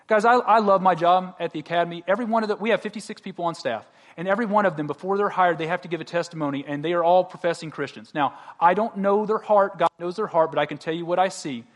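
High-voiced man preaching conversationally. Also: fast talker, few pauses. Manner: conversational preaching with jokes and direct questions to the congregation. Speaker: pastor. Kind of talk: sermon.

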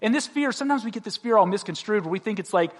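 A man with a fairly high-pitched voice preaches a sermon in a loose, conversational way. He mixes jokes and everyday asides into his points and puts direct questions to the congregation. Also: animated, very fast. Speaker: pastor.

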